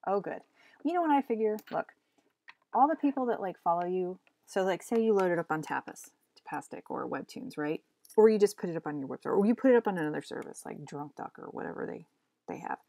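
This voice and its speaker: Young woman, chatty comic-artist vlogger, talks to herself while drawing, rambling and self-mocking, lower voice. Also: lively intonation, fast, gravelly, mellow. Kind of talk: casual chat while drawing.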